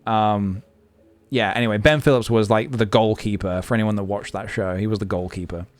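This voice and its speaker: A man's voice: lowish voice, fairly even intonation, a little fast, dry recording. A young man live-streaming, chatting casually and thinking aloud with lots of fillers as he goes.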